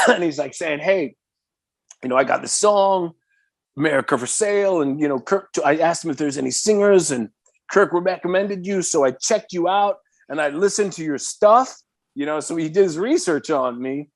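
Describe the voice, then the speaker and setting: Animated man from the Bay Area. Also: a little high, normal speed, dry recording, clean studio sound. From San Francisco Bay Area. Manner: animated, excitable, swears freely, heavy filler words. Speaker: podcast guest, metal singer. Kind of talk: casual storytelling in conversation.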